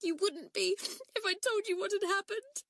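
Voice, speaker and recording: A woman voicing a distraught schoolgirl, crying and pleading in a high, strained voice. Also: expressive, normal speed, fairly bright tone, no room sound, clean studio sound. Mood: sobbing. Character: distraught schoolgirl, tearful and ashamed.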